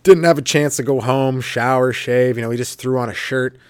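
A man's voice: mid-range voice, normal speed, clean tone, no room sound. A man riffing loosely as a comedy podcast host, rambling and profane and chuckling often. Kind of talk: improvised stand-up riffing.

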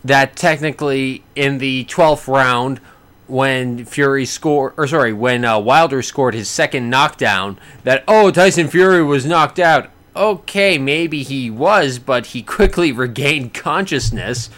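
A man casually recapping a boxing match he watched, rambling with many restarts and bursts of excitement. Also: mid-range voice, unhurried. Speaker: boxing fan reviewing a fight.

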